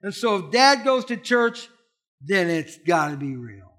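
A high, bright-voiced middle-aged man preaches a sermon. He swings his pitch widely and drives his points home with punchy, emphatic repetition. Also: big pitch swings, unhurried. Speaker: pastor.

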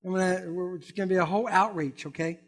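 A man's voice: high-pitched, steady tone, quick pace. A man preaching a conversational sermon as a pastor, acting out quoted voices and building to emphatic peaks.

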